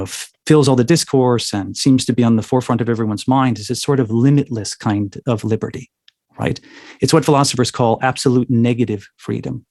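A man's voice: mid-range voice, mellow, no echo, studio quality. A man as an interview guest, talking in a thoughtful, lecturing way and often checking in with "right?". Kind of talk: interview answer, explanatory.

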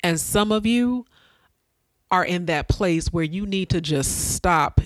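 A woman's voice: fairly low pitch, animated, slow pace, no room sound. A woman hosting her own podcast, giving an earnest, preacher-like motivational talk that repeats phrases for emphasis. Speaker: podcast host.

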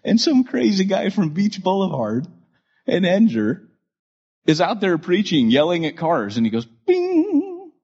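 Husky-voiced man telling church stories. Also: high voice, moderate pace. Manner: animated storyteller with many restarts and asides. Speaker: pastor. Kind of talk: storytelling sermon to a live audience. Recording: dull lo-fi recording.

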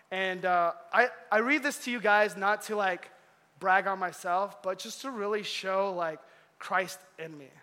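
A young man telling a story during a casual sermon, animated and full of laughs and filler words. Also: sits high. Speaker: youth pastor. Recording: long hall reverb.

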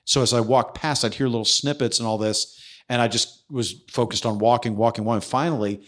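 A man's voice: mid-range voice, steady tone, fairly quick, fairly bright tone. A man hosting a podcast, telling a story in casual conversation, acting out the voices he quotes and swearing freely. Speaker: podcast host.

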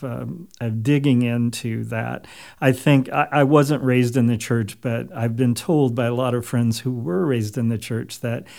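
A man being interviewed as an author, speaking in a thoughtful, measured way with frequent pauses. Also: medium pitch, vocal fry, warm tone. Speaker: author and guest. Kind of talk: reflective interview talk.

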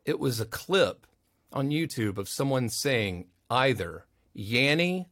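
Here a male podcast guest slowly spins lively anecdotes in a mid-range voice, acting out the other characters as he goes. The casual storytelling comes through clean studio sound without any echo.

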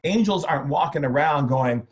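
Playful, joking man with a lively voice. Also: fairly high pitch, moderate pace, slight background noise. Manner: playful, jokey, acts out voices. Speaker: guest, spiritual workshop leader. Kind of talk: casual conversational interview.

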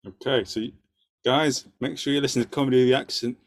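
A man's voice: mid-range voice, fairly even intonation, fast, dry recording. Jokey London man hosting, dry sound. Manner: jokey, laughing often. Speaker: podcast host. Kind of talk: casual chat.

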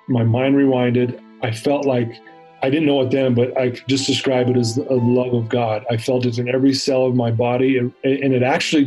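A man recounting a personal story in an interview, animated and acting out the dialogue. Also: medium pitch, husky, low-quality recording. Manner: animated retelling with acted-out dialogue. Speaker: interview guest.

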